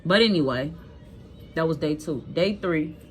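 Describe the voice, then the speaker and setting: Mother on camera, low-pitched, scolding and emphatic, talks straight to viewers. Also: a little slow, soft background music. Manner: animated, emphatic, addresses viewers directly; blunt and scolding. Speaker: vlogger telling a personal story. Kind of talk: casual storytelling to viewers.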